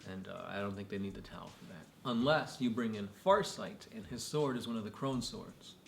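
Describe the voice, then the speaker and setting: A relaxed man co-hosting a casual chat, loose and unhurried. He is in a roomy, echoing space. A faint hiss sits behind his voice. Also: lowish voice, creaky. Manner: casual, laid-back, lots of "like" fillers. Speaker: podcast co-host. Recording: echoey room with faint noise.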